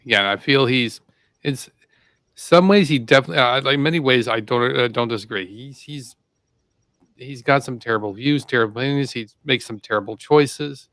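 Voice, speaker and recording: A man's voice: medium pitch, normal speed, fairly bright tone, no room sound. A man co-hosting a talk show, commenting casually with hesitant, rambling phrasing. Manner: hesitant, rambling with many restarts. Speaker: co-host. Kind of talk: casual chat.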